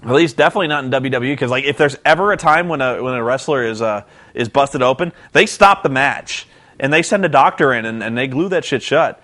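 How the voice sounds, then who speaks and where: A man with a mid-range voice briskly rambles through a loose, animated recap of a wrestling show. He keeps breaking into shouted impressions.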